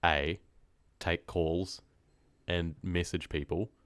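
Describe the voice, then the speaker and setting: A man with a very low voice chats casually into a close microphone, his nose stuffed up from a cold. He rambles, teases himself and laughs often. The sound is dry, with no room around it. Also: fairly even intonation, slow, a bit bright, clear, resonant tone, no echo. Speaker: horror story narrator streaming live. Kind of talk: casual live-stream chat, reading comments.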